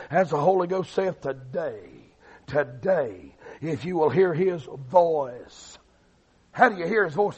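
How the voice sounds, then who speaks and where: A man preaching a fiery revival sermon, swinging between loud shouting and low, quiet delivery. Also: slightly rough. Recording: dull lo-fi recording.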